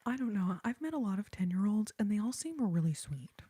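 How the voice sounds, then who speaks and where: A woman hosting an ASMR livestream in a whispered role-play, softly chatting with viewers, giggling and singing snippets of lullabies. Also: medium pitch, big pitch swings, a little fast, slightly rough, dry recording. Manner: sings snippets of lullabies in a hushed voice.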